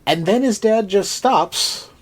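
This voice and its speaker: A man co-hosting a casual podcast, recapping a film in an animated, profane way and acting out the characters' lines. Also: high-pitched, slow, husky. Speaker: podcast co-host.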